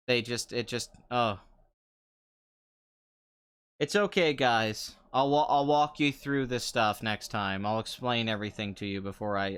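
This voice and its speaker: A young man hosting a loose chat show, answering viewer comments. He talks in a sarcastic, rambling way and laughs often. His voice is smooth and resonant, at an ordinary middle pitch. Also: a bit bright. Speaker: podcast host.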